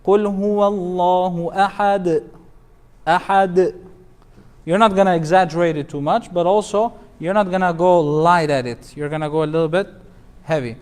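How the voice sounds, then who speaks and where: A male imam with a high, clear, resonant voice leads a recitation class. He explains each rule patiently, repeats the verses, and asks his students for examples. He often slips into a melodic chant. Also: a little fast. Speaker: imam teaching Quran recitation. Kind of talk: classroom teaching.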